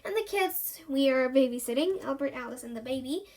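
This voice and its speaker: High-voiced woman reading a children's story. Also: fairly quick. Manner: voices characters with lively pitch jumps. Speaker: reader. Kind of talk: reading a children's book aloud.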